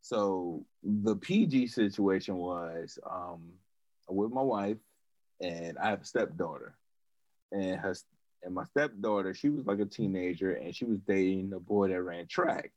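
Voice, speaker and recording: A man's voice: low-pitched, unhurried, a little mellow, no room sound, dull audio. A man hosting a casual chat, asking questions and telling stories with plenty of swearing and laughter. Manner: leads the questions, swears freely, laughs at his own stories.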